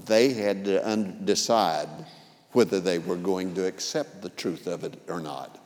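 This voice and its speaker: A man preaching a sermon, retelling a parable with vivid acted-out quotes that swing between loud and soft. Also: deep voice, a little slow, big-room sound. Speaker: pastor. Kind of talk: sermon storytelling.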